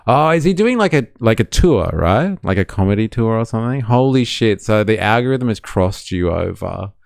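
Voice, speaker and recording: A man's voice: fairly low pitch, creaky, darkish tone, no echo, studio quality. A man hosting a live stream and reacting to clips, sarcastic and laughing as he talks to his chat. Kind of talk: casual reaction commentary.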